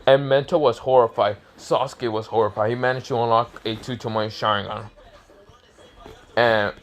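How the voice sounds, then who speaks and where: A man's voice: medium pitch, steady tone, normal speed, a little hiss or hum. A young man casually telling an improvised fan story, rambling and correcting himself with many fillers.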